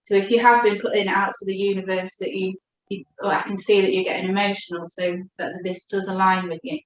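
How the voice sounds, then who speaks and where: A woman giving a gentle, reassuring spiritual chakra reading as a coach. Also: mid-range voice, flat delivery, slight background noise. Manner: gentle, reassuring, speaks slowly when addressing her guide. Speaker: oracle card reader and coach. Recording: echoey room.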